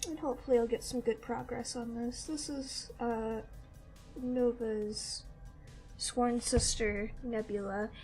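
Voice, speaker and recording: A woman's voice: on the high side, fairly even intonation, takes it slowly, darkish tone, faint music behind. A woman hosting a casual art livestream, chatting along and firmly telling a kitten no. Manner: chatty, firmly scolding a kitten between remarks. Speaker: livestream host. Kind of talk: casual livestream chat while drawing.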